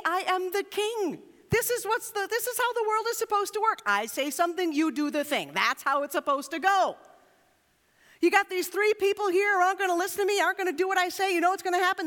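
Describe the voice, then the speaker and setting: Lady preacher doing a mad, bossy king, all ranty and high, echoey hall. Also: fairly bright tone. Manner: indignant, ranting. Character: furious proud male king demanding obedience.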